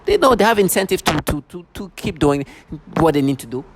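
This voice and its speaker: Out on a city street, a man vlogs an agitated rant about his own grievances, emotional and repetitive, slipping into mocking put-on voices to imitate others. He speaks briskly in a fairly high, very animated voice, with faint traffic and street noise behind him.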